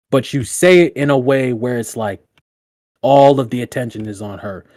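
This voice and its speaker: A man on a podcast giving casual dating advice in loose, profane slang, laughing often and jumping up in pitch when he tells a story. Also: moderate pace, dry recording, studio quality. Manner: animated, with big jumps in pitch when telling stories. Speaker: podcast co-host.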